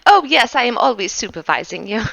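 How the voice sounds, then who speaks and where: Woman playing eager little manservant, high, sing-song, dull lo-fi mic. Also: big pitch swings, a little fast, creaky, fairly bright tone, dry recording, exaggerated voice. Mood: chirpy. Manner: fawning, overly polite. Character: eager cheerful male servant companion.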